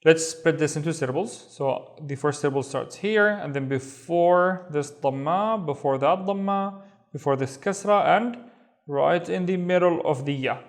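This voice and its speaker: A man teaching Arabic reading, sounding out syllables slowly and patiently. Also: fairly high pitch. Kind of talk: language lesson.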